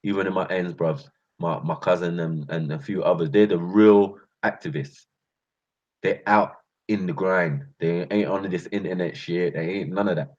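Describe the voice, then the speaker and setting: Husky London man ranting in street slang. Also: low-pitched, moderate pace, darkish tone, dull audio. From England. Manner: passionate, slangy, addresses listeners as bruv and fam. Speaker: channel host. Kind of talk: heated street-slang rant.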